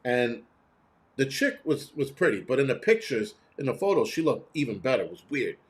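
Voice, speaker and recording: A man hosting his own show, telling a story in a blunt, profane, animated way. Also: mid-range voice, normal speed. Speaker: host. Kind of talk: casual storytelling monologue.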